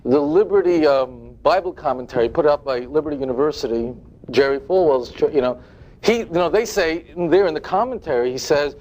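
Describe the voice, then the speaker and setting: A man, a rabbi giving a lecture to a live audience in a hall, animated and sarcastic, often putting questions to the listeners. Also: fairly high pitch, a little fast. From United States.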